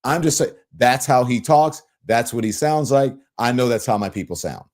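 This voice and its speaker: A man from Louisiana with a softened Southern accent, hosting a livestream and reading viewer comments in an animated, emphatic way. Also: normal speed. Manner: animated, swooping pitch, emphatic. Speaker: show host.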